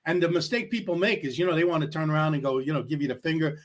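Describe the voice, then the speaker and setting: Brash high-voiced joking man. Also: racing, slight background noise. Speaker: podcast co-host. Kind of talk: casual comedic banter.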